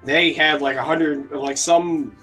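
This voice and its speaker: A man's voice: takes it slowly, faint music behind, rough recording. A man with an American accent chatting casually and jokily while streaming a strategy game. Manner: animated, rambling, jokey, jumps to high squeaky exclamations. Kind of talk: casual chat while gaming.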